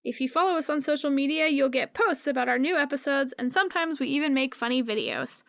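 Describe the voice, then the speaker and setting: A woman's voice: sits high, expressive, quick pace, vocal fry, no echo, studio quality. A woman hosting a podcast, reading a promo and speaking directly to listeners. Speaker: podcast host.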